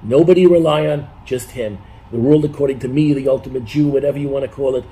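A man's voice: medium pitch, fairly even intonation, quick pace, warm tone, rough recording. A man reminiscing on a podcast, animatedly retelling jokes and acting out quoted dialogue.

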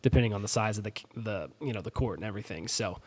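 A man's voice: fairly low pitch, racing, slightly rough. A man co-hosting a podcast in casual chat, rambling with many fillers and letting his volume fall off at the ends of phrases. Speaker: podcast co-host.

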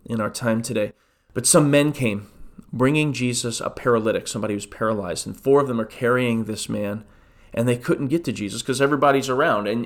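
With a mid-range voice, a male pastor leads a Bible study podcast in a chatty style, often restarting and posing rhetorical questions.

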